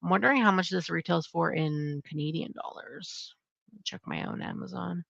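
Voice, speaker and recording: Gravelly low-voiced woman chatting about books. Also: normal speed, fairly bright tone, no echo. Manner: chatty, rambling with many fillers. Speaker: channel host. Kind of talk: casual upcoming-releases review. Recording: dull lo-fi sound.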